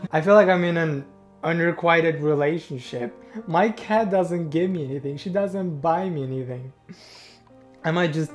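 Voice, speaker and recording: A man's voice: a little high, moderate pace, faint music behind. A young man reacting to a TV clip in casual, sarcastic commentary, talking straight to his viewers.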